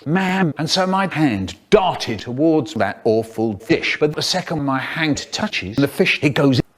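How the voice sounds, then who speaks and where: A man telling comic stories in a playful, animated way, full of sudden vocal swings. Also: a little high, measured pace, slight background noise. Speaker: storyteller. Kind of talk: spliced comic storytelling clips.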